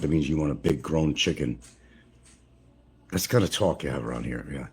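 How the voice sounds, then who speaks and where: A man's voice: rumbling low, fast talker, darkish tone, slightly rough. An older American man chatting casually on a livestream from his home, rambling and chuckling as he answers chat comments. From United States. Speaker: livestream vlogger. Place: home in the central Philippines.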